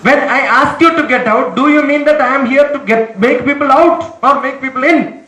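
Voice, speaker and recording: A man's voice: very high-pitched, normal speed, pushed and bright. A man lecturing students in a classroom, stern and commanding, scolding them and repeating his orders. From India. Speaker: motivational trainer. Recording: echoey room.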